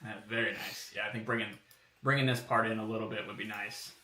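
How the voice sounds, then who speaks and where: A man casually talking through his car body kit designs on a live stream, relaxed and rambling, thinking out loud with plenty of fillers. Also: lowish voice, fairly quick, distant mic. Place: home workshop room. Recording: roomy, from away from the mic.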